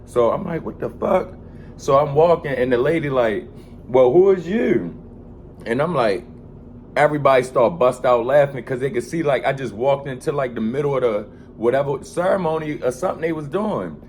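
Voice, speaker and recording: Animated man telling a story. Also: mid-range voice, a little fast, a little hiss or hum. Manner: animated, slangy and profane, acts out quoted voices. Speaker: vlogger. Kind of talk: casual storytelling.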